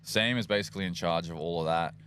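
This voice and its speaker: A man with an Australian accent co-hosts a live race broadcast, teasing and joking in relaxed banter. His voice sits a little low. A faint hiss of background noise hangs under his talk. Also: fast talker. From Queensland, Australia. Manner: jokey, playful, teasing banter. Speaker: livestream co-host. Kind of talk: casual live event commentary.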